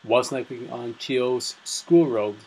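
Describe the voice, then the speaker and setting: A man's voice: medium pitch, takes it slowly, a little mellow, slight background noise, poor audio. A man hosting an interview, asking short questions and encouraging his guest.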